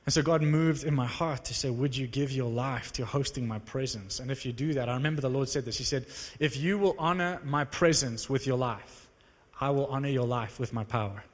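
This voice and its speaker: A man preaching to a live audience, telling a story in an animated, conversational, self-mocking way. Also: medium pitch, a little fast, hardly any pauses. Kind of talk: sermon storytelling. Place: large hall with live audience. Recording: long reverb of a large hall.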